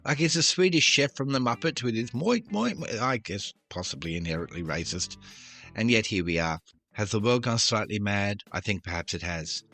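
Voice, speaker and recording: A man's voice: lowish voice, expressive, brisk, bright, forceful tone. A man hosting a trivia podcast, reading questions with jokey, self-deprecating asides. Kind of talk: casual quiz podcast.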